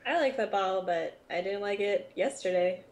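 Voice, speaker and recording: A woman guest in a casual podcast chat, wry and quick to laugh. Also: mid-range voice, animated, crowd noise.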